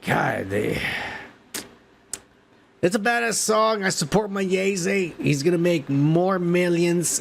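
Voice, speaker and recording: A man's voice: on the high side, creaky, slight background noise. A male podcast host delivering a profane, ranting comedic news segment.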